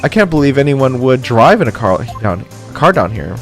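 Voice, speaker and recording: A man's voice: medium pitch, very animated, brisk, soft background music. A man streaming a game, chatting casually, swearing and poking fun at himself while reading aloud. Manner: casual, swearing, self-mocking. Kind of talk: casual gameplay commentary.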